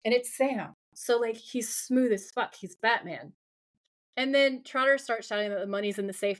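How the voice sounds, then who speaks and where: A woman co-hosting a podcast, telling a TV episode as an animated story, acting out characters' lines and laughing often. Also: a little high, normal speed. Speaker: podcast co-host. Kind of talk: casual recap chat.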